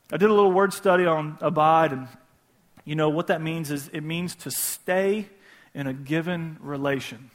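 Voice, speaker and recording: High-voiced man preaching a sermon. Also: moderate pace. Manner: casual, repeats key phrases for emphasis; conversational asides to the audience.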